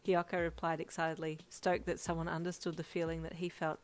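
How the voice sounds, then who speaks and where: A woman's voice: on the low side, fairly quick, few pauses. Woman narrating a fanfic story. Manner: expressive, lively storytelling. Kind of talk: second-person story narration.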